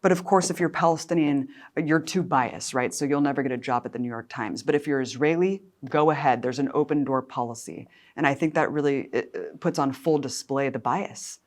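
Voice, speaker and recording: A woman with a notably low voice speaks as an interview guest. She talks with fierce, indignant passion. Her emotion runs close to the surface and at times nears tears. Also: a little fast, few pauses. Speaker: guest, documentary filmmaker.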